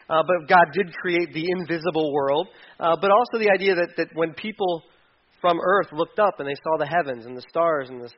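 High-voiced animated pastor preaching. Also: male voice. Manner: animated, mimics whiny complaints, trails off quietly. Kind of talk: sermon. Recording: dull lo-fi sound.

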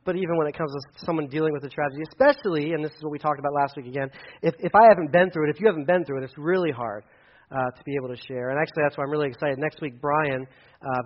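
A male pastor preaching a sermon with an animated delivery, acting out quotes in loud, high bursts. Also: muffled recording.

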